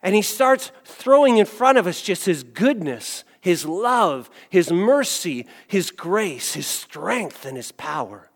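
Male pastor, sermon, animated storytelling, high-pitched, long church reverb. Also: takes it slowly, few pauses. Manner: animated storytelling, acts out voices.

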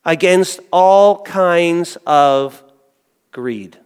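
A man preaching a sermon, swinging from hushed lines to loud exclamations. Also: a little high, drawn-out words, smooth, long reverb tail. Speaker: pastor.

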